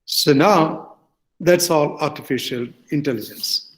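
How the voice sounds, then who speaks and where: An older man from India with an Indian English accent, giving a lecture-style talk with halting phrasing, many fillers and self-corrections. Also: fairly high pitch, noisy background. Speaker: guest speaker.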